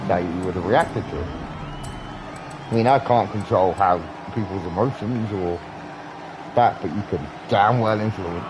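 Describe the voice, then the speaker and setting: A man's voice: low-pitched, measured pace, pauses often, background noise. A British man in his thirties rambling earnestly in a casual live-stream chat, swearing often. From Britain.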